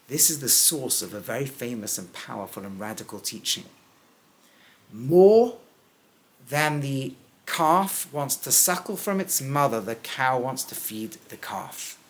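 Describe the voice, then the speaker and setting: A middle-aged man teaching as a rabbi, acting out the lines of the people in the verses with big rises, then dropping low and quiet for key points. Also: lively intonation, a little slow. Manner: acts out the characters' lines with big pitch swings. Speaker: rabbi teaching a text class. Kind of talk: animated Bible lesson.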